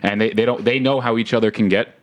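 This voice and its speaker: A man's voice: on the low side, fairly even intonation, quick pace, lo-fi sound. A man co-hosting a podcast in casual chat, hesitant and repeating words. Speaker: podcast co-host.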